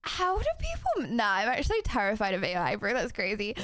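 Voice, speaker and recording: A woman's voice: medium pitch, huge pitch swings, a little fast, fairly bright tone. A young woman from Texas streaming live, chatting with her viewers in a giggly, casual way, with music playing behind her. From Houston, Texas. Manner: giggly, chatty, talks to chat. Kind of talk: casual livestream chat. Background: background music.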